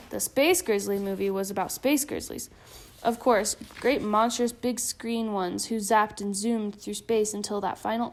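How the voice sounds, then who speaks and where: A woman reading a children's storybook aloud in a gentle, even storytelling manner. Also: mid-range voice. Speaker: storybook reader.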